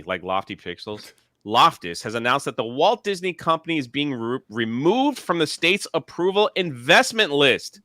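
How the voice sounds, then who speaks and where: A man's voice: fairly high pitch, sharp tone, no room sound, studio quality. A man hosting a casual show, talking through entertainment news with sarcasm and frequent fillers. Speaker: show host.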